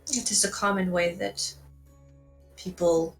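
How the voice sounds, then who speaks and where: A woman's voice: mid-range voice, fairly even intonation, a little slow, gravelly, faint music behind. Hesitant woman playing a tabletop game. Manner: hesitant, thinking aloud. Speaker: player. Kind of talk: casual chat at a tabletop game.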